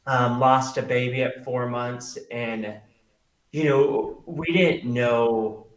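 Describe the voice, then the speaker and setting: Middle-aged man, earnest storyteller, mid-pitched voice, roomy echo. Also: fairly even intonation, slow pace. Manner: earnest, storytelling, many fillers. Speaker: guest, magician and pastor. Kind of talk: conversational interview.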